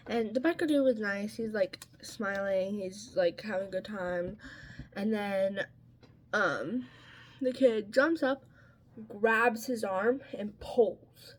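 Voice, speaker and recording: Slow-talking woman telling a storytime. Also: medium pitch, a little hiss or hum. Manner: chatty, peppered with "like" and "um". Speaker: vlogger. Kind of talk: casual storytime while getting ready.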